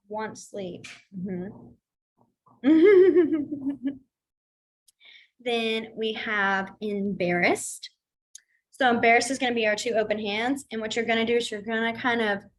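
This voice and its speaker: A woman's voice: a little high, a bit bright, low-quality recording. A young adult woman teaching a beginner sign language class in a casual, chatty way, full of fillers and acted-out asides. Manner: chatty, filler-heavy, acts out feelings in quoted asides. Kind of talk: casual online class instruction.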